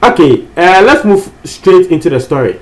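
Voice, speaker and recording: A man's voice: high-pitched, very animated, moderate pace. A Ghanaian man presenting entertainment news in a chatty, casual way, switching between languages and repeating phrases for emphasis.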